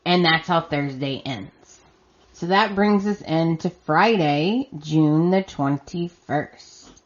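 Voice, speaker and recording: Woman, podcast host, casual recap, exasperated, slow delivery, muffled lo-fi audio. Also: low voice. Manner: chatty and exasperated, acting out her reactions. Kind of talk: casual recap of a soap opera.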